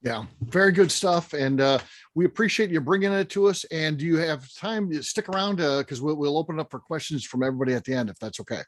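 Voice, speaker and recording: A man's voice: fairly high pitch, lively intonation, quick pace. A man hosting an online whiskey tasting, friendly and affirming. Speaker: host.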